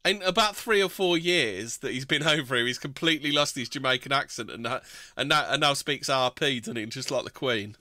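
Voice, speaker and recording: Brief: male podcast host, very bright and crisp tone, dry close sound, sarcastic, keeps breaking into laughter. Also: mid-range voice, a little fast, few pauses, no echo. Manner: sarcastic, laughs often, swears a lot. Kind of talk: casual chat, reading news aloud.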